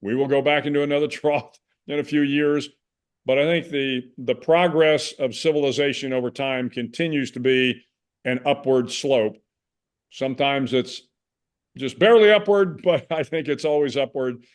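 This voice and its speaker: Man, 60s, from the United States, interview guest, measured reflective delivery, frequent restarts, mid-range pitch. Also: fairly even intonation, clean tone. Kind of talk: conversational interview.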